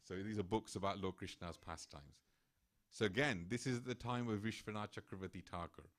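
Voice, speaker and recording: A man's voice: fairly low pitch, brisk. A man giving a temple talk, telling a devotional story and acting out the characters' voices. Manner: animated, acts out quoted voices. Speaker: temple speaker. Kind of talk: sermon storytelling.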